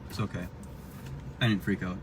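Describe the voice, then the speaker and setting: A man's voice: low-pitched, steady tone, normal speed. Rambling man vlogging from his car. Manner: rambling, chatty, self-mocking. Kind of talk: casual driving vlog. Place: inside a car while driving. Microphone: dash-mounted camera. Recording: distant car mic with road noise.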